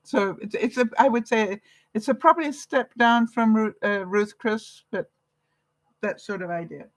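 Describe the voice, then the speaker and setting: Her voice now sits on the high side, animated and at a moderate pace, with no room sound but poor audio. The older woman from Canada keeps up her casual livestream chat, retelling exchanges with frequent laughter.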